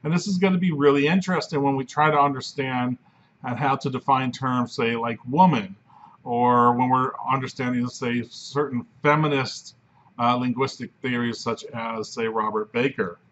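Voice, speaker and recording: A philosophy professor lecturing in a conversational way, often checking in with "right?". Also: male voice, medium pitch, fairly bright tone. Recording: dull lo-fi recording.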